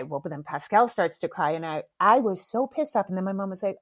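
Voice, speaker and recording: A woman's voice: lowish voice, animated, fairly quick, few pauses, dry recording. A middle-aged woman hosting a podcast, telling a story in a candid, frank way, with swearing and laughs. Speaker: podcast host. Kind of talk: casual podcast monologue.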